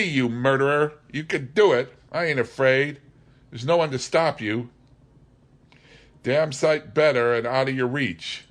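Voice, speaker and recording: A man voicing an enraged young male sailor who shouts defiance at the top of his lungs. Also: mid-range voice, pitched above the performer's own voice.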